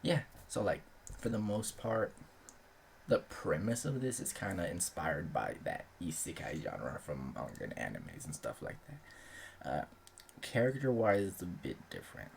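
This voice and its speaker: A man's voice: low voice, big pitch swings, measured pace, creaky, slight background noise. A young man talking in a loose, rambling way as host of his own channel, full of filler words and casual swearing. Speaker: aspiring author and channel host. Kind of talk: casual chat.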